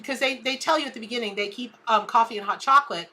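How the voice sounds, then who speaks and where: A woman's voice: on the high side, quick pace, bright, forceful tone. A woman hosting a live tarot stream, chatty and rambling as she calls viewers by name.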